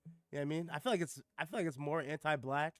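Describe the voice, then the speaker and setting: A man's voice: a little high, fast talker, fairly bright tone, dry recording, clean studio sound. A man giving casual reaction commentary, sarcastic and profane, filling his talk with "like" and "bro.". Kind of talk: casual reaction commentary with read-aloud passages.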